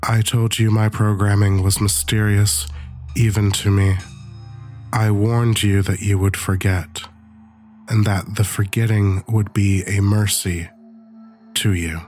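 A man voicing a mysterious disembodied machine entity that speaks in a calm, measured and formal way. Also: lowish voice, faint music behind. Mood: cryptic.

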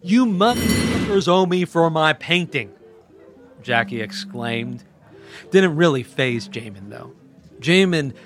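A man's voice: mid-range voice, a bit bright. A man telling a first-person story as a podcast host, in a conversational, wry and emphatic way.

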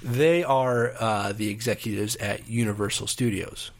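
A man's voice: lowish voice, steady tone, measured pace, slight background noise. A man co-hosting a casual movie podcast, talking in a laid-back way with lots of fillers. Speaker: podcast co-host.

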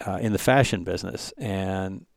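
A man's voice: deep voice, moderate pace, gravelly, dry recording, clean studio sound. A man in his forties, telling a story casually and animatedly, acting out the other people's lines. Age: 40s. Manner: animated, acts out voices in his stories. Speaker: podcast guest.

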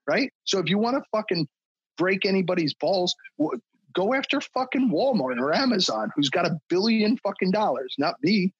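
A man's voice: high-pitched, big pitch swings, moderate pace, breathy edge, no room sound, lo-fi sound. A man talking as a podcast guest, a fitness trainer who rants bluntly and swears a lot in casual chat. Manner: blunt and profane, ranting.

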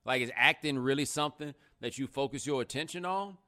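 A young adult man hosting a live podcast, chatting casually with a sarcastic, animated delivery. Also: a little fast. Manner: animated, sarcastic, rising pitch when joking. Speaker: podcast host. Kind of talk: casual live-stream commentary.

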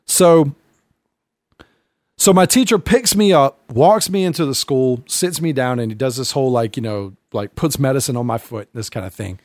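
A man's voice: mid-range voice, normal speed, no room sound. A man telling a long personal story in a casual podcast chat, rambling with many fillers and restarts.

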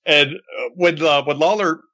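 A man hosting a podcast interview, telling stories with lively acted-out quotes. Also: on the high side, measured pace. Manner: animated storyteller, acts out quotes. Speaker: podcast host. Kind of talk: casual interview chat.

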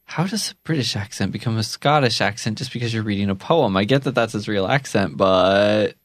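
A man co-hosting a casual podcast chat, talkative and quick to laugh. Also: lowish voice, dry recording. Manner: chatty, laughs often. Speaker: podcast co-host. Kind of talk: casual discussion.

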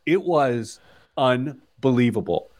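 The host of a personal finance podcast, a man in his forties, talks slowly in a mid-range voice. His casual chat is full of animated storytelling, frequent laughter, and wandering asides.

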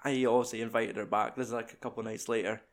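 A man's voice: medium pitch, rapid-fire. Sweary man, rambling film chat. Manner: rambling, sweary, animated retelling of scenes. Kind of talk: casual film review chat.

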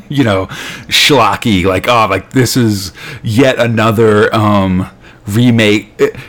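Casual male co-host with a lowish voice, rambling and chatty, full of restarts and quick laughs. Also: a bit bright. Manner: rambling, laughs often, lots of fillers and restarts. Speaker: podcast co-host. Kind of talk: casual chat.

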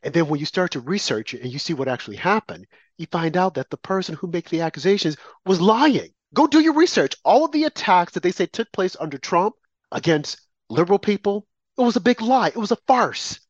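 A man's voice: sits high, animated, fairly quick, no room sound. A man delivering an opinionated commentary monologue, emphatic and repetitive, with mocking asides. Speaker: political commentator. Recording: dry, slightly muffled lo-fi audio.

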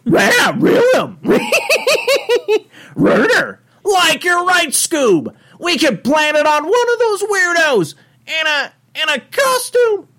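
A man's voice: very high voice, very animated, slow pace, gravelly, pushed and bright, voice pushed up, heavily acted. A man doing an impression of a lanky, goofy cartoon slacker, yelping and rowdy, often laughing through his lines.

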